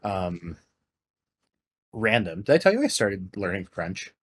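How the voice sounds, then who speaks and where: With a low voice that has a breathy edge and big pitch swings, a Canadian podcast co-host speaks at a measured pace. The conversation is casual and rambling, packed with fillers and restarts.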